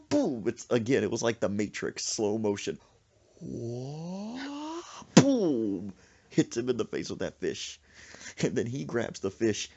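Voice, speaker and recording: A male comedian telling a story on a podcast, animated and exaggerated, throwing in sound effects. His pitch swings up and down widely. The recording is dull and lo-fi.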